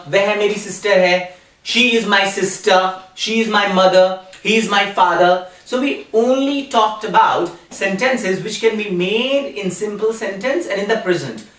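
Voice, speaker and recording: A man's voice: sits high, pushed and bright. Indian guy teaching english words, says each one again and again, kinda far off the mic, roomy sound. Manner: slow, drills words over and over, switches fast into Hindi. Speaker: communication skills trainer. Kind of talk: classroom English pronunciation lesson. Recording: roomy, voice from a distance.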